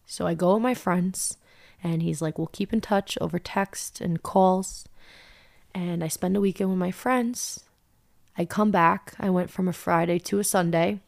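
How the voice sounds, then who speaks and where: A woman's voice: lowish voice, fairly even intonation, measured pace, creaky, darkish tone. A young woman telling a personal story in an emotional, intense way, her voice climbing when she gets upset.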